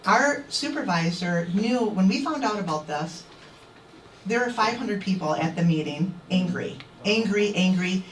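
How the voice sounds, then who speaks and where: A woman's voice: fairly low pitch, slight background noise. Indignant woman speaking from far off. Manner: indignant, quoting others in animated voices. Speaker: activist speaker. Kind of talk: telling a story to a crowd. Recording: echoey, distant mic.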